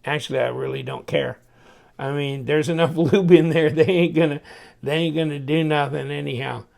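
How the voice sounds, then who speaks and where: Man, knife reviewer, gravelly voice, slightly high pitch, folksy and chatty while tinkering. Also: fairly even intonation, normal speed, a little mellow. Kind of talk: casual hands-on review.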